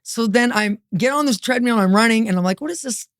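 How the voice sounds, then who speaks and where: A woman telling her story as a podcast guest, lively, acting out what others said. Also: fairly high pitch, fairly quick, no echo, clean studio sound. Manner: animated, acts out quoted voices.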